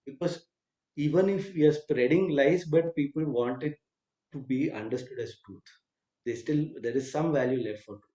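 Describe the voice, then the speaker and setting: A man with a mellow, warm voice tells a scripture story as a lecture. He acts out the lines of each character and stops now and then with an aside. The sound is roomy and echoey. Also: mid-range voice, normal speed. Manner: retells the tale with quoted lines and asides, some hesitant fillers. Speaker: spiritual teacher.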